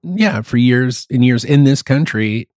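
A middle-aged man chatting on a podcast, open and blunt, swearing freely and poking fun at himself. His voice sits at an ordinary pitch and sounds close and dry, with no room around it. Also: expressive, unhurried, a little mellow, no echo. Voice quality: candid, profane, self-mocking. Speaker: musician who plays gigs. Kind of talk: casual podcast chat.

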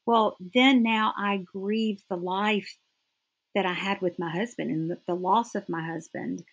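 A woman's voice: mid-range voice, unhurried, husky. A middle-aged woman, a guest in a faith-based interview, speaking earnestly and from the heart.

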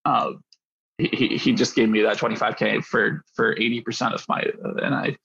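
A man's voice: fairly low pitch, fairly even intonation, a little fast, vocal fry, pushed and bright, husky, highs cut off. A man casually telling a rambling story about poker hands, full of fillers and self-deprecating asides. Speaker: poker player guest.

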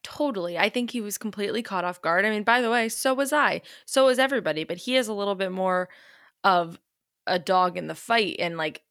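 A woman's voice: mid-range voice, fairly quick, no room sound. Chatty woman podcast co-host, dry sound. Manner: chatty and expressive, acts out quotes. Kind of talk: casual chat recapping a reality show.

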